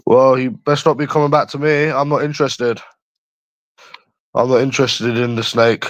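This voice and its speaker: A man's voice: mid-range voice, steady tone, normal speed, no room sound. A young man from London chatting on a livestream, crude, taunting and repeating himself as he answers viewers. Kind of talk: casual chat answering viewers.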